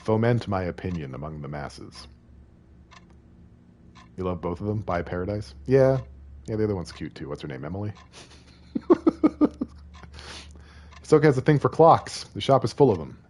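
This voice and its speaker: Playful low-voiced male streamer. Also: animated, moderate pace, pauses often, a little mellow. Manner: rambling and playful, talking to chat and reading game text aloud. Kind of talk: casual live-stream chat while playing.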